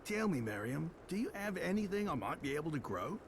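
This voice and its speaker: Harry, a cheerful farmer. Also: male voice, fairly high pitch, big pitch swings, brisk, background noise. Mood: friendly. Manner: cheerful, easygoing, laughs often. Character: friendly young male farmer villager. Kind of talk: video game voice acting.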